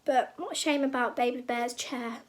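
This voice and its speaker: A woman teacher reading a fairy tale aloud for children in an expressive, sing-song way. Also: a little high, moderate pace, slight background noise.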